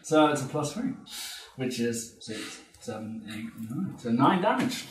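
A man's voice: mid-range voice, measured pace. A man playing in a tabletop game who counts his damage aloud and laughs easily. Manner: animated, laughs often, works sums aloud. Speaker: player. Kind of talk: casual tabletop play. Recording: distant mic in echoey room with faint noise.

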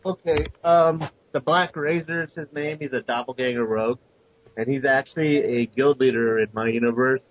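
A man's voice: mid-range voice, steady tone, moderate pace, dull audio. A man playing a tabletop game, upbeat as he introduces his character. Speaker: player. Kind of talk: casual tabletop game talk.

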